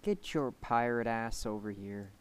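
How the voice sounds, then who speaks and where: A man's voice: medium pitch, unhurried, noisy background. A young man streaming a survival game, swearing freely and bantering with his friend and chat in exasperated disbelief. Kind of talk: casual gameplay chat.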